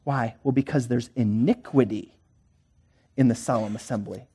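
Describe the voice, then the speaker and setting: A male pastor delivers a sermon in a mellow, warm voice. He swings dramatically between hushed asides and emphatic declarations, at a middling pitch. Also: normal speed, slightly rough. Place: church.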